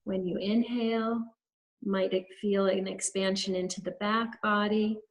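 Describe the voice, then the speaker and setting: A woman, a holistic health practitioner, leading a guided breathing exercise with gentle step-by-step instructions over a webinar video call. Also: medium pitch, little pitch movement, measured pace, rough recording.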